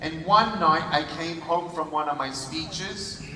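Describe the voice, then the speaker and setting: Man, motivational speaker, storytelling keynote, high voice, distant echoey convention hall, noisy ambience. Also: unhurried. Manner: animated, acts out dialogue. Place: large convention hall stage.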